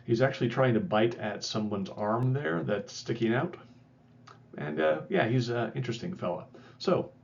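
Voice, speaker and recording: A man's voice: mid-range voice, animated, moderate pace, vocal fry, a little hiss or hum. Lo-fi male instructor, wry and chatty. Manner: conversational, self-correcting, wry asides. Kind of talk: recorded lecture.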